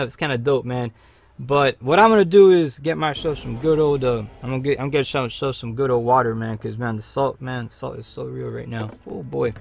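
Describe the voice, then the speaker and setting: A man hosting a live gameplay stream, chatting in slang and cheering on his teammates with loud bursts of excitement. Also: medium pitch, vocal fry, no echo. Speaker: livestream host. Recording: faint game music behind.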